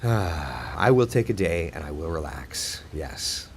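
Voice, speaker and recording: Chatty, animated male TV weatherman. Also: a bass voice, slow, very noisy. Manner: chatty and playful, reads viewer comments aloud. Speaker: TV meteorologist hosting a live chat. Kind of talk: casual live-stream chat with viewers.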